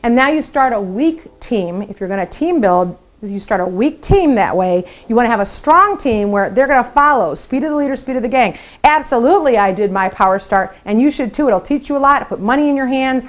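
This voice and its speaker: A middle-aged woman training new sales consultants, upbeat and encouraging, acting out sample phone calls in lively voices. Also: a little high, fairly quick, few pauses. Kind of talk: training talk to camera.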